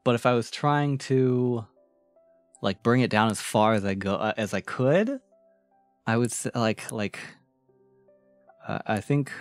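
A man chatting casually on a live stream, playful and quick to laugh, shifting his voice from bright to low. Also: faint music behind.

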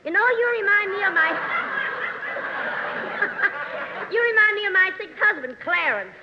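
A woman's voice: very high-pitched, animated, slow pace, exaggerated voice. A brassy, man-chasing dowager. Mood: bawdy. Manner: bawdy, drawling, laughing at own jokes. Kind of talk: 1940s radio comedy acting. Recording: noisy, dull 1940s radio transfer.

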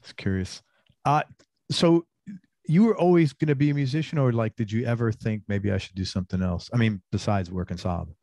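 A man hosts a casual interview, asking long, enthusiastic, rambling questions. His voice sits a little low. The sound is close and dry, with no room echo. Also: a little fast, dark tone. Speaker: interview host.

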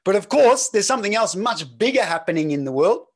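Aussie prof guy on a webinar, high-ish voice, chatty and jokey, reads the chat out loud. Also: very animated, a little fast. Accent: Australian, slightly mixed. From Australia. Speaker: professor giving a webinar. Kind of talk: interactive online lecture.

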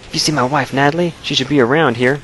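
A man's voice: mid-range voice, fairly even intonation, quick pace, fairly bright tone, slight background noise. A man hosting a let's play, giving casual gameplay commentary in a joking, explanatory way with frequent chuckles.

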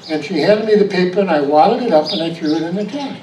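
A man preaching a storytelling sermon, moving from animated anecdote to soft reflection. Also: fairly high pitch, fast talker, few pauses, a little hiss or hum. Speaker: pastor. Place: church sanctuary. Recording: echoey church room, voice from far off.

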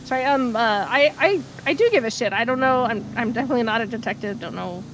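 A woman with a slightly high voice speaks haltingly, apologizing and stalling with fillers as a role-play officer. Clear car noise from the game runs behind her. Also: lively intonation. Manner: hesitant, apologetic, many fillers. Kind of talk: role-play phone call.

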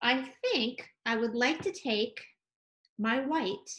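A woman art teacher gently talking children through a painting demonstration, encouraging and sing-song. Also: on the high side, expressive, takes it slowly.

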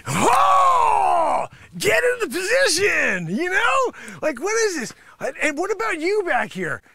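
A man playing a boastful, greedy male karate sensei who scolds his students and pitches an overpriced course in a brash, mocking patter. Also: wildly swooping pitch, slow, vocal fry, pushed and bright, exaggerated voice. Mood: scolding. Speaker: comedy show host. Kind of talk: improvised comedy character monologue.

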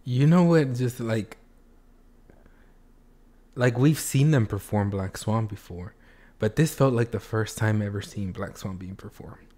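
Slow-talking man reacting with loud gasps. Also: fairly low pitch. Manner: exclamatory, bursts of loud gasps and cheers; talks straight to viewers. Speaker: reaction video creator. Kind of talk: excited reaction commentary. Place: home. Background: faint music playing.

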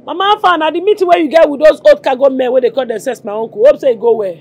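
An actress with a Nigerian Pidgin accent playing a brash, boastful daughter in a Nollywood film. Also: female voice, high-pitched, racing, darkish tone. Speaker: daughter on the phone with her mother.

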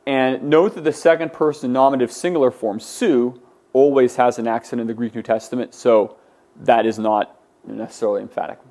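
A man's voice: mid-range voice, steady tone, a little fast, dark tone. A man teaching a class, patiently explaining forms and drilling his students to say words aloud. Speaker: Greek teacher. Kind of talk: classroom lecture.

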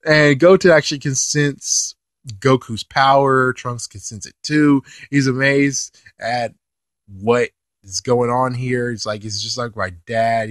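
A man giving casual episode commentary as an anime reviewer. He is animated, swears casually, and laughs while he talks. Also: mid-range voice, no room sound.

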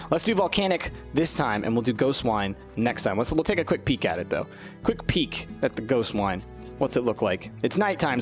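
A man hosting a let's-play, chatting casually and animatedly over gameplay and cooing at the game's creatures. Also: fairly low pitch.

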